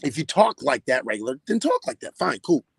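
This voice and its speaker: Male podcast host, high and raspy, swearing hard, dry close sound. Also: sing-song, brisk, dry recording. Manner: profane, emphatic ranting. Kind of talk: casual podcast commentary.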